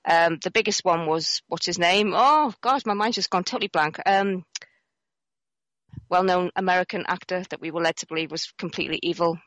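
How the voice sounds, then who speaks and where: A woman's voice: on the low side, normal speed, a bit bright, no echo. A woman guest in a casual conversation, speaking in an earnest, emphatic way.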